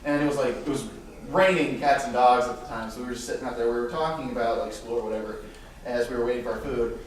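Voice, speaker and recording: A man on a convention panel telling a rambling story in a relaxed way. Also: medium pitch, fast talker, slight background noise. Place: convention hall room. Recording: very echoey hall, voice from far off.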